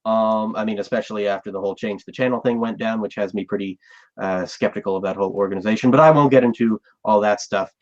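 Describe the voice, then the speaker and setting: A man's voice: on the low side, fairly even intonation, quick pace, a little mellow. Man hosting a podcast, dull lo-fi sound. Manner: thoughtful, rambling with fillers. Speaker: podcast host. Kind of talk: casual live chat.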